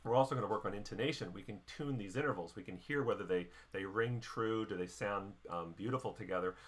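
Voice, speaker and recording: A middle-aged man teaching a band warm-up lesson, explaining each step patiently. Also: fairly low pitch, fast talker. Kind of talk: instructional lesson.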